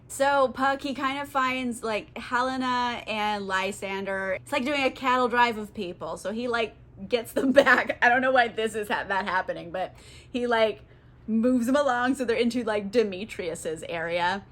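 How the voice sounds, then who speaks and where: A woman recaps a book in a loose, comic way, giggling and swearing as she goes. Her voice sits a little high, and "like" fills her sentences. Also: moderate pace, a bit bright. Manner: giggly, profane, lots of "like". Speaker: book vlogger. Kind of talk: casual comic book summary.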